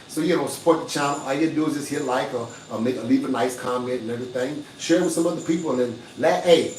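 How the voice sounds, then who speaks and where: A man's voice: medium pitch, far from the mic, a little hiss or hum. An older man hosting a casual livestream, boastful and hustling, with a preachy streak. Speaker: livestream host. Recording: echoey room, off-mic.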